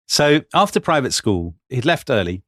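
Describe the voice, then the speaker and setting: A man's voice: medium pitch, sing-song, normal speed, fairly bright tone, no room sound, clean studio sound. A man co-hosting a history podcast, telling the story in a wry, chatty way and often laughing as he goes. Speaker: podcast co-host.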